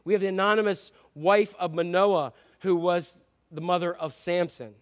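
A man's voice: sits high, fairly even intonation, moderate pace. A middle-aged man, a pastor, preaching a sermon in a conversational way with asides and restarts.

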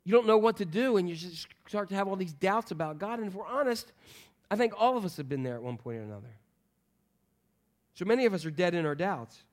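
A male pastor with a fairly high voice, preaching to his congregation. He is animated and joking, and he slips into playful voices for the people in the story. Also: fast. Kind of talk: sermon.

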